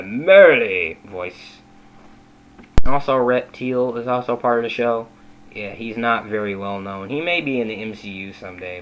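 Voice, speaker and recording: A man's voice: fairly low pitch, rough recording. A young man giving an enthusiastic, rambling video-essay commentary on a cartoon. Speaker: video reviewer.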